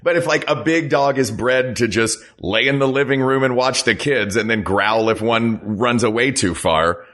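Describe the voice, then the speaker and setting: A man co-hosting a comedy podcast, talking casually with deadpan jokes and thinking aloud. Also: medium pitch, normal speed, few pauses. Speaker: podcast co-host.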